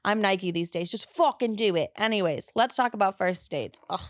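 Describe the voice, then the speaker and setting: A woman's voice: medium pitch, normal speed. A young woman hosting a podcast, chatting casually and bluntly, with playful swearing. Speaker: podcast host. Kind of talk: casual chat.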